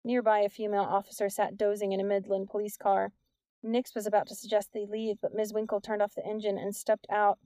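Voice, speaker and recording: A woman reading an audiobook in a measured, even narration. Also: medium pitch, no room sound. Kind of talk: scripted narration.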